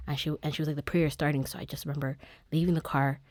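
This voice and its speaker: A woman guest sharing a painful personal story in an earnest, halting way, close to tears. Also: deep voice, level tone, a little mellow, no room sound. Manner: earnest, halting, emotional retelling. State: tearful.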